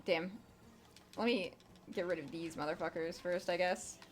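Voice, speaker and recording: With a lowish voice, fairly even intonation and normal speed, a young woman gives casual gameplay commentary while streaming. She rambles, leans on fillers and swears casually.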